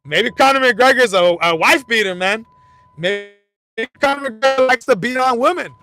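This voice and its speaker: Bright-voiced man rambling from his car. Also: moderate pace, soft background music. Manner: rambling storytelling, loose and profane, frequent restarts. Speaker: fight commentary channel host. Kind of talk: casual talk while driving. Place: in a car while driving. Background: vehicle rumble.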